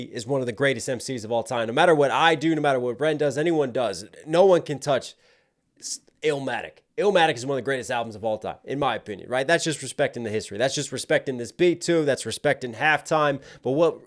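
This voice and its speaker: Enthusiastic man breaking down a rap video. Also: mid-range voice. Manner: enthusiastic, breaks down lyrics and flow, echoes lines back. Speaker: rapper reacting to a music video. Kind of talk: reaction commentary. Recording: music track playing underneath.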